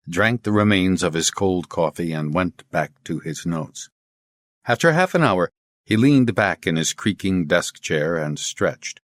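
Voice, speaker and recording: A man narrating an audiobook in a measured, expressive reading style. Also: sits low, no echo, studio quality. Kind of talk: scripted narration.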